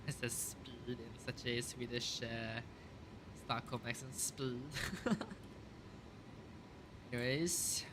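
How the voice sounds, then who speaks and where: A man's voice: medium pitch, steady tone, slow, pauses often, background noise. A man casually talking through a simulated airliner flight, calling out checklist items and thinking aloud with many fillers. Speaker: flight sim streamer. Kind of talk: casual flight sim commentary.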